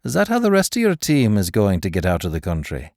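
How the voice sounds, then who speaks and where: A man's voice: on the low side, huge pitch swings, a little mellow, no echo, studio quality. A man doing a cold, sadistic interrogator. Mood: mocking cruelty. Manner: cold, mocking, slow and menacing. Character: cold, sadistic male interrogator, middle-aged.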